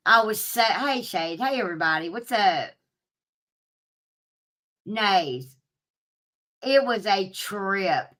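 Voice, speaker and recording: A woman telling a story to her viewers in a casual, animated way, swearing freely and laughing at herself. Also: medium pitch, takes it slowly, pauses often. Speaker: streamer talking to live chat.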